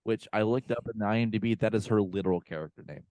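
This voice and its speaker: A man with a very low voice casually retells a movie for his podcast co-hosts, leaning on fillers and quoting characters. The sound is dry and close to the mic. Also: fast talker, mellow, no echo. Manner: rambling recap with many fillers and quoted lines. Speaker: podcast co-host. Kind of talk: casual movie recap chat. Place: home room, remote call.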